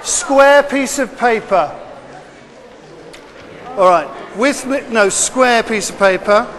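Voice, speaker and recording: A man teaches a class of children, talking them through each step and repeating himself in a brisk, encouraging way. His voice sits very high, and he speaks slowly and deliberately. The sound carries a long, hall-like reverb. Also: a bit bright. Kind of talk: classroom instruction.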